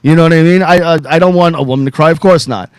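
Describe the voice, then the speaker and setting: High-voiced man on a profane rant. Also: fast talker, smooth, no echo, rough recording. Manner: profane, angry and fired up; calls out to co-hosts by name. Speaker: podcast host. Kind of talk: heated podcast rant.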